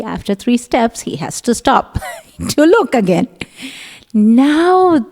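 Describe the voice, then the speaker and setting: A middle-aged woman giving a scripture class, telling the story in an animated way and acting out the voices of its characters. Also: medium pitch. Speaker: class speaker. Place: temple hall. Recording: long hall reverb.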